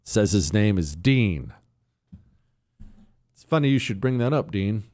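Male host, sarcastic and animated, lively pitch, dry studio voice. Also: a little slow, dry recording. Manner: sarcastic, animated, addresses producer on air. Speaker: talk show host. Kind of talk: opinionated radio-style commentary.

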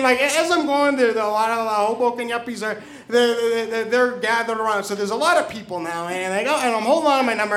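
A man with a strikingly high voice tells a personal story, tripping over his words and repeating himself as he goes. He chuckles lightly along the way. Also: a bit bright, slight background noise. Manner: stammering, repeats words, chuckles through the telling.

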